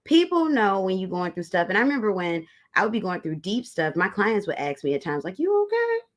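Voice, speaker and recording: A woman's voice: mid-range voice, expressive, fairly quick. A woman hosting a tarot livestream, chatting casually with her viewers and calling them y'all. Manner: chatty, talks straight to viewers as y'all, reads comments aloud.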